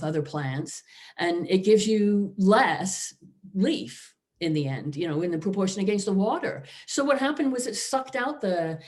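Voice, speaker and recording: Speaking over a video call, a woman professor delivers a conversational philosophy lecture, often turning to the audience with asides. Her mid-range voice is a little mellow, and her manner is informal, full of "you know" and "right?"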